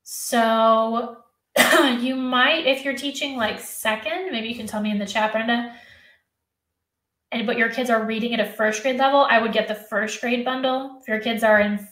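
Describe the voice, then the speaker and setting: A woman's voice: on the high side, steady tone, normal speed, fairly bright tone, reverberant. Chatty woman hosting a live teacher workshop. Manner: chatty, self-correcting, addresses viewers by name. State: losing her voice. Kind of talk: live stream workshop, answering chat questions.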